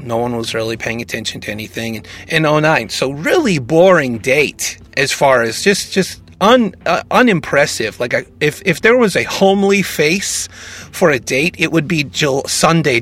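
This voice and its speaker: Lively, gravelly man joking on a podcast. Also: medium pitch. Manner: joking, animated, self-mocking. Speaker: podcast co-host introducing calls. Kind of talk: casual podcast chat.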